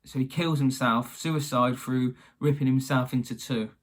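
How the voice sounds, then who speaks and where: A man's voice: medium pitch, fairly even intonation, normal speed. A man casually retelling a fairy tale in a chatty, slangy way with wry asides. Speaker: storyteller.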